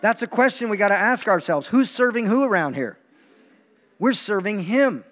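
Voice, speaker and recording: A man preaching a sermon in an animated, joking way, acting out the voices he quotes. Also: sits high, normal speed, long reverb tail. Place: large meeting hall.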